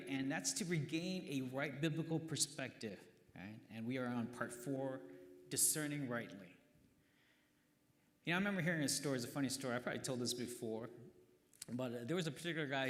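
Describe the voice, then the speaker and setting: A male pastor preaching a sermon in a casual, chatty way, often checking in with "right?". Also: mid-range voice. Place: church worship hall. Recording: long reverb of a worship hall.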